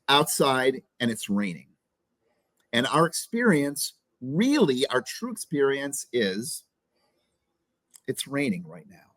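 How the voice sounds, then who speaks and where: A man's voice: medium pitch, fairly bright tone, no room sound. A man guesting on a podcast, talking bluntly and with plenty of swearing, and acting out the voice in someone's head. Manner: blunt and profane, acting out the inner critic's voice. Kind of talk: casual interview talk.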